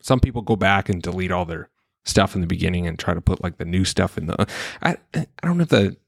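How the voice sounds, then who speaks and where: Low-voiced man rambling on a podcast. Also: lively intonation, quick pace, creaky, dry recording. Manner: reflective and rambling, with frequent restarts; frank, with occasional swearing. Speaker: podcast host. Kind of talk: casual solo podcast monologue.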